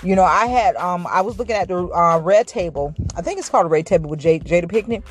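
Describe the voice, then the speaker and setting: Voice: mid-range voice, animated, fast. A vlogger giving a casual, reflective motivational talk to viewers, rambling with frequent restarts and a slight stutter. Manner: says they stuttered in school.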